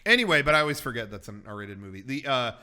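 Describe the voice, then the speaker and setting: A man's voice: mid-range voice, quick pace. A man in his thirties co-hosting a casual podcast chat, swearing freely and acting out the lines he retells. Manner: animated storyteller, acts out quotes, swears freely. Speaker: podcast co-host.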